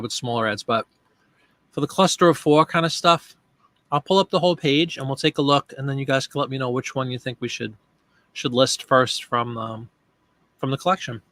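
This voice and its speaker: Hosting a laid-back live stream, this online seller talks through his work out loud and greets viewers by name. His mid-range voice has a touch of brightness, with no echo in the recording.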